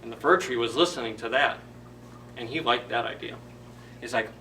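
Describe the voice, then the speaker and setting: Relaxed male story-time reader, distant mic. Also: medium pitch, moderate pace, pauses often. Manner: relaxed, chatty retelling. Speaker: children's librarian reading a story. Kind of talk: casual story-time narration. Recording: distant mic, faint background hiss.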